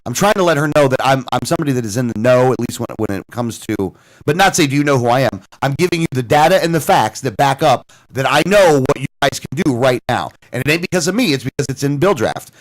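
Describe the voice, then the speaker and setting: A man's voice: medium pitch, fast talker. A man co-hosting a radio talk show, animatedly retelling a phone call with many restarts and quoted lines. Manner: animated storyteller, lots of restarts and quoted dialogue.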